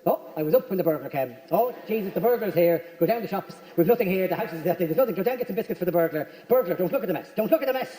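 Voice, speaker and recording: A man's voice: sits high, lively intonation, very fast, hardly any pauses, warm tone, pitched below the performer's own voice. Man doing his flustered Irish mother. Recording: echoey hall from far off.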